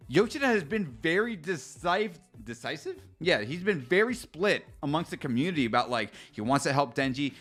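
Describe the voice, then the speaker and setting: Male streamer, fairly high voice, profane and sarcastic ranter, live reaction with faint music behind. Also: fairly bright tone. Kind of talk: live manga reaction stream reading chat.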